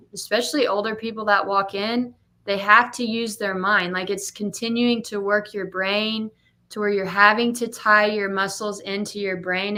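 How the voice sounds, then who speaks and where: Young adult woman, gym owner on a casual podcast, bright lively storyteller. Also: medium pitch. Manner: animated storyteller, acts out quotes.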